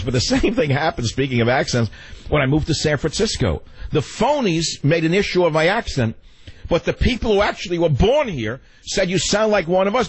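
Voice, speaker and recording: Older New York talk radio host, husky voice, opinionated and rambling, jumps between rants and reminiscence. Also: male voice, a little high. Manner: rambling, opinionated, swings from ranting to wistful. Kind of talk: talk radio monologue and call-in.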